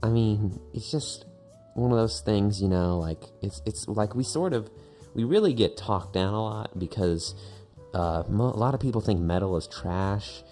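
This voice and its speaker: Guy doing a deep-voiced metal fan weeb dude, rambly, swears a lot, faint music behind. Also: animated, normal speed, dark tone, close to an everyday voice. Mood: rambling. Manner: rambling, sloppy, swears casually. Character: laid-back male metal fan, weeb.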